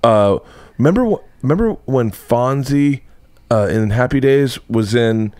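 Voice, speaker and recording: A man hosting a podcast in a casual chat, rambling and excitable, often restarting his sentences. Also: medium pitch, measured pace, clean tone, no room sound. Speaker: podcast host. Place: home studio room.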